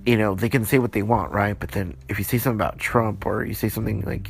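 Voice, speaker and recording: A man talks alone into his podcast mic late at night, his voice sitting somewhat low. He rambles, swears freely and keeps breaking off and restarting his sentences in frustration. Soft guitar music plays faintly underneath. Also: steady tone, quick pace, vocal fry. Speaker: podcast host. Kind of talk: late-night solo monologue.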